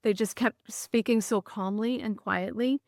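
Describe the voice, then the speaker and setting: A woman's voice: medium pitch, fairly even intonation, unhurried, no room sound, clean studio sound. A woman, a podcast guest earnestly recounting stories with frequent restarts. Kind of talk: conversational storytelling.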